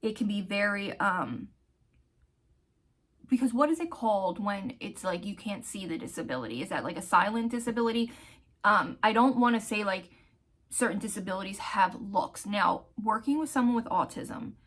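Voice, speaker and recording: A woman vlogger telling a personal story in a candid, heartfelt way, often pausing to search for words. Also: medium pitch, expressive, a bit bright. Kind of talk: casual storytelling vlog.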